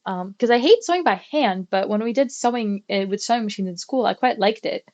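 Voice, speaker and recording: A woman's voice: mid-range voice, expressive, fairly quick, a little mellow, highs cut off. A young adult woman livestreaming from her bedroom at home, chatting casually in a rambling way and swearing now and then. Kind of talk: casual chat.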